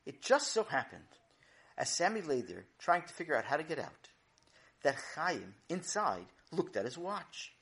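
A man's voice: a little high, moderate pace. A man narrating a children's story in a playful, dramatic way. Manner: animated, playful, dramatic build-ups.

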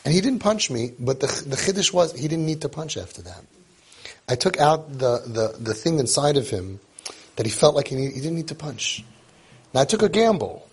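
A man's voice: a little high, sing-song, normal speed, slightly rough. A man coaching parents in an informal lecture, emphatic and repetitive, who drops Hebrew and Yiddish terms into his talk. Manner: acts out parents and kids in quotes.

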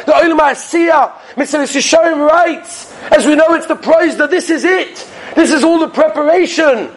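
Animated high-voiced male rabbi preaching. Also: moderate pace, few pauses. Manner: animated, swinging between loud and hushed. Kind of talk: Torah sermon.

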